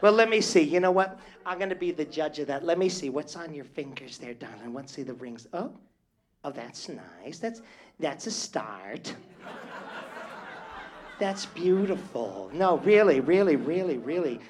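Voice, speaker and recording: A man's voice: fairly high pitch, animated, unhurried. A male entertainer chatting from the stage at a live venue, flamboyant and teasing, calling everyone "darling.". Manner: flamboyant and teasing, with constant endearments. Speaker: stage entertainer working the crowd. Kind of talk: live stage banter with the audience.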